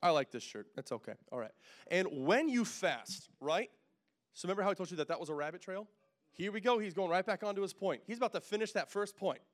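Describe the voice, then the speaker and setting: A young man preaching in a church, his fairly high voice leaping between hushed, earnest stretches and loud, laughing asides. He jokes with the congregation as he goes, sweating in the heat of the room. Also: fairly quick. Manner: joking, animated, swings from quiet to loud. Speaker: pastor. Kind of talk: sermon. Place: church sanctuary.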